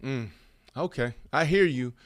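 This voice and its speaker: A man's voice: mid-range voice, measured pace. A man in his thirties, a former wide receiver co-hosting a sports show, arguing his points emphatically in casual debate. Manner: emphatic, animated, repeats himself.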